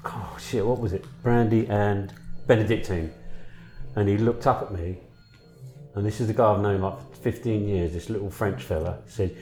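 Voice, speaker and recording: A man's voice: lowish voice, normal speed. A man casually telling anecdotes, swearing and laughing often.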